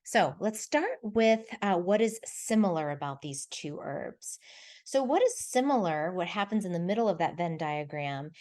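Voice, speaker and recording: A woman's voice: fairly low pitch, sing-song, normal speed, a little mellow. A woman who is a clinical herbalist and podcast host, giving a casual, chatty spoken lesson about herbs. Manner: chatty, explanatory, friendly.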